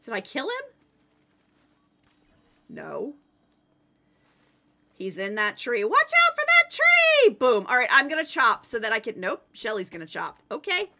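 A woman streaming a game live, commenting excitedly to her chat and teammates. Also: fairly high pitch, unhurried, gravelly, long pauses, slight background noise.

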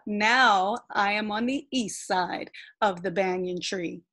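A woman playing a playful male shadow spirit from a picture book who teases calmly. The delivery is slow and breathy. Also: mid-range voice. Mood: teasing. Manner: teasing, calm.

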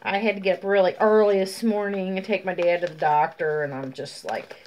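A woman chatting casually as she shows off craft mail, gushing and drawn-out, sleepy and yawning. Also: on the low side, steady tone, darkish tone, a little hiss or hum. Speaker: craft vlogger. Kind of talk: casual show-and-tell chat.

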